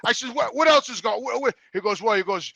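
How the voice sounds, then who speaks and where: Profane, high-pitched gravelly storyteller. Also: male voice, expressive, fast, bright, forceful tone, no room sound. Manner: swears constantly, rising to indignant outbursts. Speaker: show regular, storyteller.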